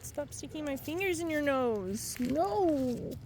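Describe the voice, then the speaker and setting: A woman's voice: high voice, expressive, takes it slowly, slight background noise. A woman vlogging outdoors, talking fondly to her dogs in a casual, cooing way and calling out to them. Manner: affectionate, cooing, calls loudly to dogs. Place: outdoors in nature.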